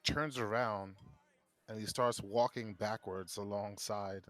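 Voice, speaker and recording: A man playing a tabletop game on a stream, describing his character's actions in a slow, theatrical way. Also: fairly low pitch, steady tone, fairly bright tone. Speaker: player.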